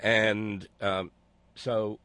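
A man hosting a talk show, speaking in a sarcastic, halting way with many fillers and restarts. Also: lowish voice, level tone, pushed and bright, no room sound. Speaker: host. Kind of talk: casual commentary.

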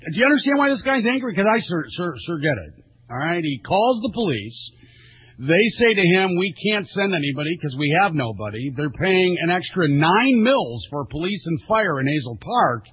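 Animated male radio talk host. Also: high-pitched, normal speed, slightly rough, no room sound. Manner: animated, stumbles and repeats words. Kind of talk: radio talk show chat. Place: radio studio. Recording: dry, slightly dull radio audio.

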